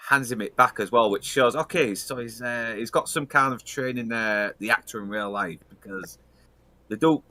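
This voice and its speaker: A man's voice: mid-range voice, moderate pace, bright, forceful tone, no echo. A man hosting a casual podcast discussion, laid-back and sweary, with plenty of fillers. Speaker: podcast host.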